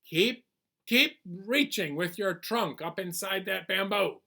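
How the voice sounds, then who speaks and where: A man doing a sly trickster spider, high and wheedling. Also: lively intonation, vocal fry, bright, forceful tone, heavily acted. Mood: pushy. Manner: wheedling, fast excuses.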